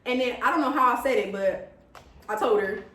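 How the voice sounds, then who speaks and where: A young woman vlogger telling a story in casual chat, animated and dramatic, quoting what people said. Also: a little high, a little fast. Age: young adult. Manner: animated, dramatic retelling with gasps and quoted lines. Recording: echoey room, mic at a distance.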